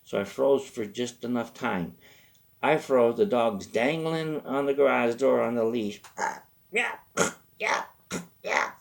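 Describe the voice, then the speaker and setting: A man's voice: medium pitch, a little slow, gravelly, darkish tone. A man hosting a show, telling a rambling comic story from his youth with lots of asides. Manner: rambling, self-interrupting. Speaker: host. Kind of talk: comedic storytelling.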